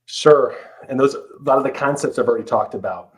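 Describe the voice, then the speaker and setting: A man's voice: mid-range voice, fairly quick, rough recording. A middle-aged man, a life coach guest on a podcast, talking earnestly and emphatically with frequent restarts. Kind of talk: podcast interview.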